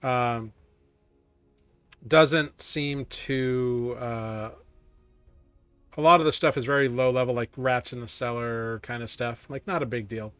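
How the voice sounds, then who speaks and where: Relaxed male game master, casual narration. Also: medium pitch, takes it slowly, long pauses, smooth, no room sound, faint music behind.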